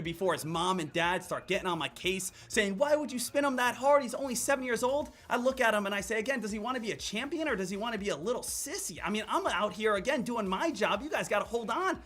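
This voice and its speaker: A young man from Pennsylvania, fairly high-voiced, talks casually to viewers on a trading stream. He tells stories in an animated, rambling way and keeps coming back to "again" and "right?", with faint background music underneath. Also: husky. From Pennsylvania, USA. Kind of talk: casual trading livestream talk.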